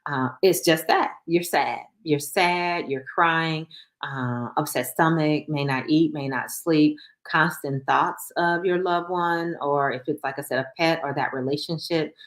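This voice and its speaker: Low-voiced calm woman counselor. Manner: calm, reassuring, with fillers and pauses. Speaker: grief counselor. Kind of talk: live church talk on grief.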